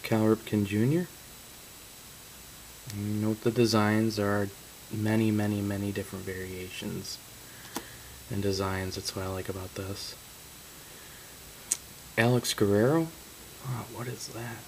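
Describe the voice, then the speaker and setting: Slow-talking man narrating a card break. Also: fairly low pitch, flat delivery, a little hiss or hum, rough recording. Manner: reads out card names, breaks into stunned exclamations. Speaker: card collector opening boxes. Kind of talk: casual card-break commentary.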